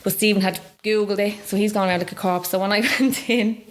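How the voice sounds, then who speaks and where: A woman in her thirties from Dublin speaks candidly in a broad local accent. She tells her story with lively re-enactments of what others said, her voice leaping high when quoting them, and nervous laughter breaks through now and then. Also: a little fast. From Ireland. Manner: animated, acts out voices with big pitch jumps, laughs nervously. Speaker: guest.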